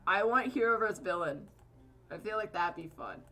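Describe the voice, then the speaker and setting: Female streamer, bright voice; loose, chatty, profane live-stream banter while drawing. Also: mid-range voice, expressive, normal speed. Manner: rambling, chatty, swears freely.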